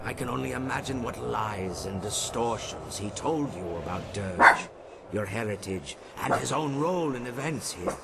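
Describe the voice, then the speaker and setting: A grave, gravelly ghost monk. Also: male voice, mid-range voice, expressive, very noisy. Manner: grave, measured storytelling. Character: ghost of a solemn old male monk leader. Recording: game audio over loud score. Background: loud music.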